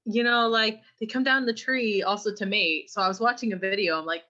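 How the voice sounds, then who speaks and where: Young woman on a podcast telling a story, acts out the quotes, bright voice, kinda dull lo-fi audio. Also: mid-range voice, a little fast. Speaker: podcast co-host. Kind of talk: casual podcast chat. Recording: dull lo-fi sound.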